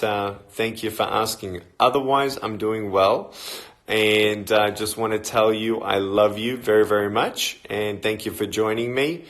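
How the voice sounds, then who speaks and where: A middle-aged man with an Australian accent talks loosely to his viewers on a phone live stream. His voice sits a little low, and he greets people by place, pausing often with ums and uhs. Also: fairly bright tone. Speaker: motivational speaker. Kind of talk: casual live-stream chat. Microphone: phone livestream.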